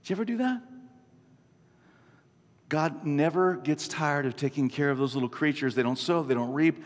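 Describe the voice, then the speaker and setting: A man in his fifties preaching a sermon, an animated, self-mocking storyteller. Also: a little high, normal speed. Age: 50s. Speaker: pastor. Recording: long reverb from a large hall.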